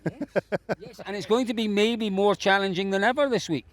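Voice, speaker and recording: A man's voice: sits high, brisk. A man hosting roving interviews outdoors, jovial, effusive and teasing. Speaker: host, interviewer. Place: outdoors at a rainy rally stage.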